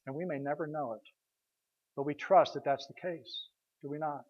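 A man's voice: on the high side, steady tone, normal speed, a little mellow, muffled recording. A man preaching a conversational sermon as pastor, telling stories, repeating his words and asking rhetorical questions.

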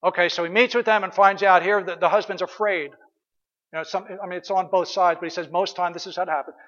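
A man's voice: sits high, steady tone, fairly quick, fairly bright tone, in a large hall, muffled recording. A man pastor giving an earnest, conversational sermon with emphatic repeated phrases.

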